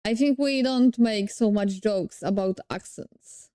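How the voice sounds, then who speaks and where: A woman's voice: mid-range voice, measured pace, mellow, clear, resonant tone, no room sound, clean studio sound. A woman, a streamer making casual, joking comments while reacting to a video. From Poland. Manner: chatty, joking asides. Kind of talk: casual chat.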